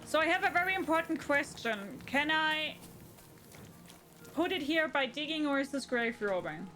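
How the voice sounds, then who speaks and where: A woman's voice: high-pitched, normal speed, bright, forceful tone, soft background music. A woman with a German accent chatting casually while streaming a game, thinking aloud and answering her chat. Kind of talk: casual gaming livestream chat.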